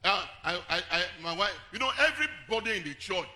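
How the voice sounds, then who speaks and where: A man preaching a sermon as pastor, singing some phrases and shouting others, then dropping low to tell stories. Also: very animated, brisk.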